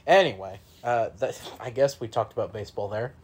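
A man co-hosting a podcast, chatting casually about sports in a teasing way. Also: medium pitch. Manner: teasing and quick to object. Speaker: podcast co-host.

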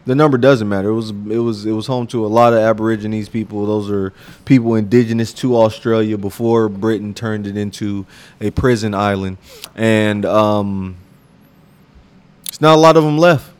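A man's voice: fairly low pitch, flat delivery, normal speed, darkish tone. A man co-hosting a comedy podcast, teasing dryly and rambling through jokes. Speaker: podcast co-host. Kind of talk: casual comedic chat.

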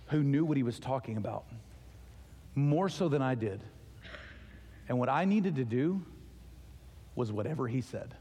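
A pastor delivering a sermon, telling a story with lively acted-out dialogue. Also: male voice, fairly high pitch. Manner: animated storytelling, acting out dialogue. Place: church auditorium. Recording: long reverb of a large hall.

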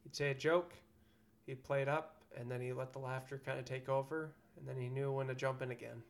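A man's voice: mid-range voice, steady tone, a little fast, creaky. Frank, cussing male podcast host. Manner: frank, profane, ranting. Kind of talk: casual chat.

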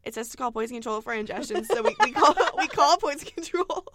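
A woman's voice: high-pitched, expressive, quick pace, very noisy. A young woman, telling a funny story as a podcast co-host and laughing often. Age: young adult. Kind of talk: casual storytelling chat.

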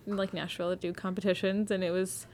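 A young woman in casual podcast chat, speaking in a relaxed, reflective way with many fillers. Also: on the low side, fast talker, slight background noise.

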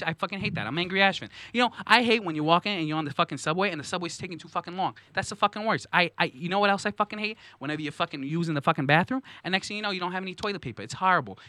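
A man's voice: fairly high pitch, dry recording, voice pushed up. A man doing a swearing angry ranter. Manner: shouty, profane rant with repeated catchphrases. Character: ranting, foul-mouthed angry young man. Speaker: comedy guest character. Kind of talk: stand-up rant.

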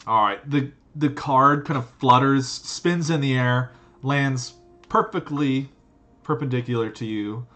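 A man's voice: mid-range voice, measured pace, sharp tone. A man narrating as game master of a tabletop game over a video call, describing scenes loosely with plenty of "like" and "um". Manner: loose and rambling, full of fillers.

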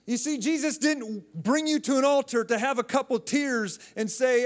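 A man's voice: very high voice, normal speed, few pauses. A male pastor preaching a sermon, fervently exhorting the congregation with calls and responses and often repeating and restarting his phrases.

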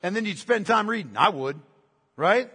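A man's voice: sits high, expressive, normal speed, sharp tone, slightly rough, in a large hall. A man preaching a sermon as pastor, emphatic, repeating key phrases and asking rhetorical questions.

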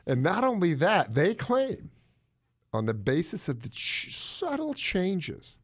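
A man co-hosting a casual chat, explaining health news in a jokey, animated way. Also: takes it slowly. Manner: animated, jokey, swoops up in pitch for emphasis.

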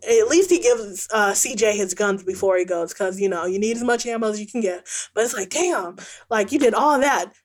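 A woman's voice: mid-range voice, moderate pace. A woman hosting a podcast, recapping a film in a casual, exasperated rant, swearing freely and laughing as she goes. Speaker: podcast host reviewing a film.

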